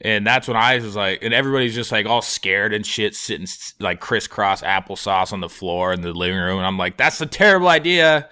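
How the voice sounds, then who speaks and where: A young man in his twenties holds the floor on a comedy podcast, telling a long story in a rambling, profane, filler-heavy way. His voice sits a little low but sounds bright and forward. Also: flat delivery, fairly quick, hardly any pauses, clean tone. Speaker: podcast co-host. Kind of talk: casual storytelling chat.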